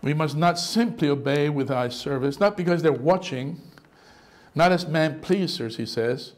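Preaching a sermon with plenty of animation, this middle-aged male pastor often acts out the voices of those he quotes. His voice is a little high and his delivery unhurried.

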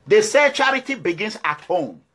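A man's voice: sits high, sing-song, normal speed, a bit bright. A Nigerian man speaking English with a Nigerian accent, giving a fiery, defiant address to his followers with repeated declarations. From Nigeria (Edo State). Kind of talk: impassioned video address.

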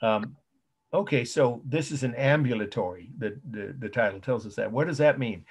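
A man lecturing on art history over a video call, slowly spelling out terms and repeating key points. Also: medium pitch, breathy edge. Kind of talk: online lecture.

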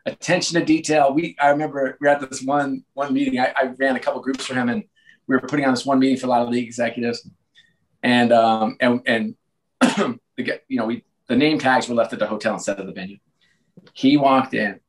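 Guy in his late 40s on a podcast, telling stories in a mid-pitched voice, lots of restarts. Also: low-quality recording. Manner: animated, frequent restarts and repeated words. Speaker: guest, sports team executive. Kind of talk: casual interview storytelling.

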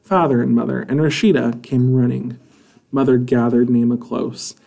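A man reading a children's chapter book aloud in an expressive, measured way. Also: mid-range voice, vocal fry. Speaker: storybook reader.

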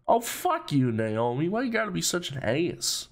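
A man's voice: fairly high pitch, wildly swooping pitch, normal speed. A man commentating casually on a horror game, reading its dialogue aloud and joking with lots of swearing. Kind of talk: casual let's play commentary.

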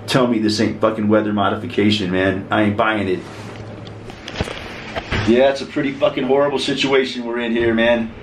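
This middle-aged man talks at a normal speed in a fairly low voice with little pitch movement. He's a vlogger with the flu and a sore throat, complaining profanely and rambling to camera. The sound carries a roomy echo and faint noise from his cold room with frozen windows.

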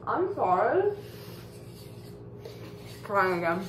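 A woman's voice: medium pitch, sing-song, roomy sound, distant mic, a little hiss or hum. A woman teasing and joking with friends while baking cookies in a home kitchen. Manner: teasing, sassy, quick to joke. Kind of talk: casual chat.

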